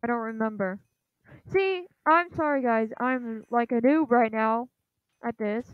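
A woman giving casual commentary while she plays a video game. She sounds unsure and apologetic, uses many fillers, and urges the game on with quick repeated shouts. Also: fairly high pitch, no room sound. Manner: hesitant and apologetic, lots of fillers. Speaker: gaming channel host. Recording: tinny lo-fi, phone-like sound.

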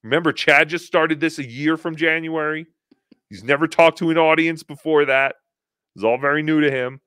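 A man's voice: on the high side, steady tone, moderate pace, bright, forceful tone, clear, resonant tone, no room sound, clean studio sound. A man hosting a casual online show, joking, laughing a lot and slipping into mocking voices. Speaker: host. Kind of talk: casual chat.

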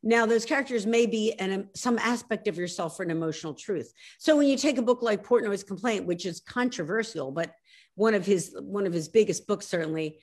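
A woman in her sixties with a Philadelphia accent speaks in an animated, emphatic way, cutting herself off and jumping back in. Her pitch sits in the middle range, and she sounds like she is on a video call. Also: brisk. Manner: animated, emphatic, self-interrupting. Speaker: author guest.

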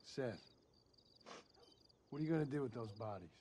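A man's voice: medium pitch, expressive, moderate pace, lightly acted. An actor playing a weary male gunslinger who speaks in a dry, blunt, unimpressed way, in video game dialogue. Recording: loud wagon and horse game noise.

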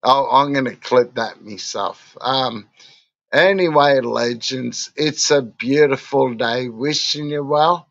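A drunk Australian man rambles and rants with heavy swearing and a slurred, crude delivery. His voice is gravelly with fry and drawls along slowly. The recording sounds dull and lo-fi. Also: mid-range voice, fairly bright tone. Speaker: vlogger. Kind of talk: rambling casual monologue.

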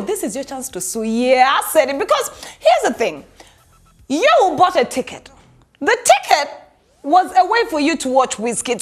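A young woman hosting a celebrity gossip show, sarcastic and laughing as she talks straight to viewers. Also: high voice. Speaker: entertainment news host. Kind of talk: sassy celebrity gossip commentary.

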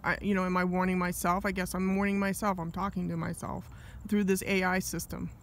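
A man's voice: high-pitched, flat delivery, fairly quick, a bit bright, a little hiss or hum. A man talking alone in an angry, rambling monologue, full of asides and restarts. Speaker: vlogger.

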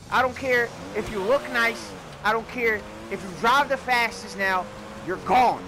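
A man doing comedic game commentary, loud and theatrical, swinging between mock grief and yelling. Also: extremely high pitch, a little slow. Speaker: gaming YouTuber. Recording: background noise under the voice.

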